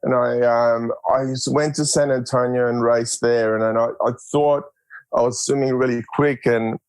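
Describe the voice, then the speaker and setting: An Australian man in his forties, a guest in a casual interview, speaking in a relaxed and halting way with many fillers. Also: mid-range voice, clean tone, no room sound.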